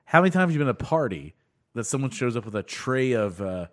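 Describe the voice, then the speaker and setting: A man's voice: medium pitch, quick pace. A man co-hosting a podcast, chatting casually and joking with crude humor while reading out a list. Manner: animated, jokey, profane, reads out lists. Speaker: podcast co-host. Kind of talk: casual chat.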